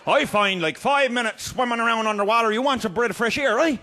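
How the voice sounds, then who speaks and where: A middle-aged man telling a comic tall tale, boisterous, often shouting and chuckling through his lines. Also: extremely high pitch, fast talker, a little hiss or hum. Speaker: comedian storyteller.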